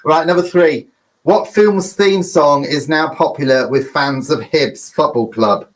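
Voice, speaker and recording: A man's voice: a little high, unhurried, low-quality recording. Male quiz host, rambling and chatty, easily flustered. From United Kingdom. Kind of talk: live-streamed pub quiz hosting.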